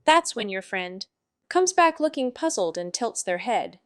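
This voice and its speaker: A woman's voice: fairly high pitch, big pitch swings, measured pace, no room sound, clean studio sound. A woman voicing a brash, foul-mouthed male jester wizard who narrates in a sardonic, rambling way.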